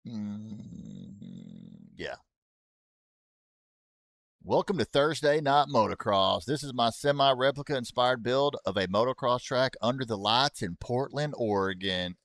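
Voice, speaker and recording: A man's voice: mid-range voice, expressive, unhurried, pauses often, a bit bright, no echo, studio quality. A man streaming a racing game, chatting casually to his viewers, rambling and getting sidetracked with jokes. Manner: rambling, easily sidetracked, joking; talks to chat with y'all asides. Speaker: gaming streamer.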